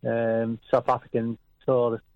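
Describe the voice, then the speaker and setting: A man's voice: mid-range voice, monotone, slow pace, no echo. A man calling in to a radio show, talking hesitantly with many fillers. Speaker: caller. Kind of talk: phone-in chat. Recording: dull lo-fi phone line.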